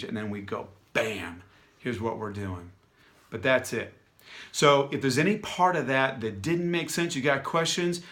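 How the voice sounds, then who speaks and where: A man talking straight to his followers in an energetic, enthusiastic way, a little out of breath. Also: medium pitch. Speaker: vlogger addressing followers. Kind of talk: casual direct-to-camera announcement.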